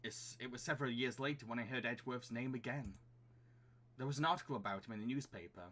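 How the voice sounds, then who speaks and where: A man's voice: mid-range voice, quick pace, a bit bright. A man casually commenting and reading aloud in a playful game playthrough, laughing often. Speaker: let's-play host.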